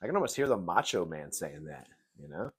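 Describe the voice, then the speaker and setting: A man with a somewhat low voice talks through a TV episode review in loose, rambling commentary. He swears freely, jokes, and slips into mocking rants. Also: sing-song, a little fast, breathy edge. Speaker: TV show reviewer. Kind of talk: casual video review commentary.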